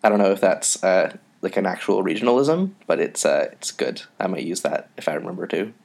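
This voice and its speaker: A man co-hosting a casual podcast about a comic, talking in a hesitant, halting way full of "uh" and "um". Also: deep voice, very animated, vocal fry, darkish tone. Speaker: podcast co-host.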